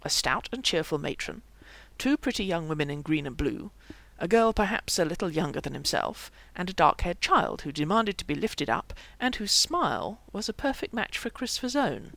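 An audiobook narrator reading with a lively, swinging delivery and a noticeable gravelly edge. The sound is close and dry, with no room around it. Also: mid-range voice, normal speed, dry recording.

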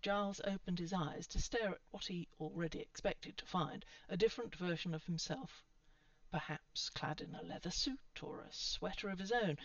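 Woman storyteller, lowish voice, expressive read, dull lo-fi sound from off mic. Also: no room sound, distant mic. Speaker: narrator. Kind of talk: storybook narration.

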